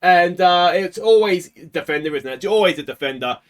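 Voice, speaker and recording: An Australian man hosting a let's play, talking casually through a game and swinging from quiet muttering to anguished shouts. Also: sits high, animated, normal speed.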